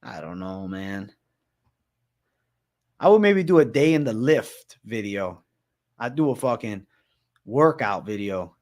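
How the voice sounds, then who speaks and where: A man's voice: fairly low pitch, sing-song, takes it slowly, pauses often, a little mellow. A young man from Massachusetts hosting a livestream, chatting loosely and swearing constantly while reading viewer comments aloud. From Massachusetts, USA. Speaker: livestream host.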